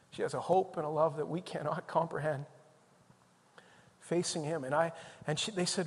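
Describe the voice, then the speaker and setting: A man preaching a sermon as the pastor, telling a story in an animated way that swings between loud and soft. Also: a little high, moderate pace, big-room sound.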